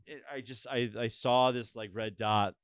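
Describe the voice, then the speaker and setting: Halting young man with a smooth voice. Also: medium pitch, fairly even intonation, no room sound. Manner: halting, full of restarts and filler. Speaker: guest. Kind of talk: casual podcast chat.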